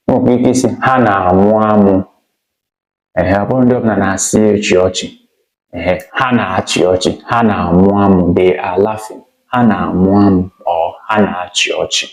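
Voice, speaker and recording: A man with a Nigerian Igbo accent, a native Igbo speaker, gives a casual language lesson and repeats phrases slowly and deliberately. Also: on the low side, creaky, a little mellow. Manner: slow, deliberate repetition of phrases. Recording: echoey room.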